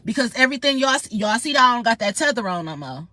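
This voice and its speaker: A woman's voice: fairly high pitch, big pitch swings, fast, sharp tone, no room sound. A woman ranting in a heated, profane, confrontational monologue straight to her viewers. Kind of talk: angry monologue vlog.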